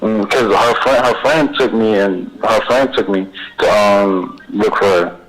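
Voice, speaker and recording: A young man, answering questions in a recorded police interview, halting and rambling, repeating himself with many fillers. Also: on the low side, a little hiss or hum, low-quality recording.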